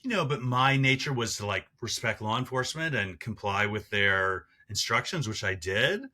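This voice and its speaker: A man speaking as a podcast guest in casual interview talk, halting and reflective with many fillers. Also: on the low side, lively intonation, sharp tone.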